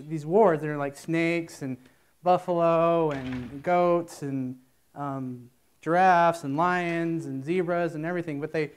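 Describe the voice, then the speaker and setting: A man's voice: on the high side, clear, resonant tone. A man giving a conference talk, telling a long, rambling joke story in a playful way before starting his presentation. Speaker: conference speaker. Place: conference room.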